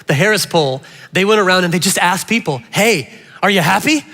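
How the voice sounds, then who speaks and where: A man preaching a sermon to a church congregation, animated and playful, often addressing the audience directly. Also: sits high, fairly quick. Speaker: pastor. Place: large church hall. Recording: reverberant church hall.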